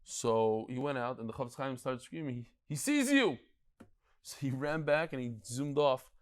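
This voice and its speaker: A man giving a lively, storytelling class as a rabbi, full of anecdotes and stammered restarts. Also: medium pitch, moderate pace, clean tone. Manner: animated, digressive, tells anecdotes and stories; frequent restarts and stammered repeats. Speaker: rabbi teaching a daily Talmud class.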